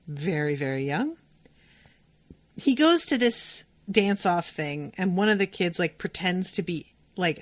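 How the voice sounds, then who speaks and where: A woman's voice: mid-range voice, fairly bright tone. A woman podcast host giving a chatty, enthusiastic recap of a TV episode.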